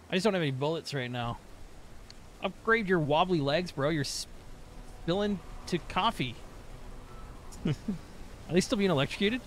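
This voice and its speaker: A man streaming gameplay, talking loosely and profanely with jokes. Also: medium pitch. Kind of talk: casual live gameplay commentary.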